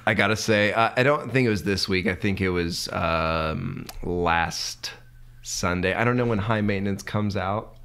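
A man's voice: low voice, normal speed, creaky, a bit bright, clean tone. A young man co-hosting a movie podcast, joking and swearing in casual chat with friends. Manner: profane, joking, laughs often. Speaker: podcast co-host.

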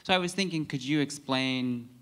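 A man in the audience asking a question at a live talk, quick and slightly hesitant. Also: medium pitch, fairly bright tone.

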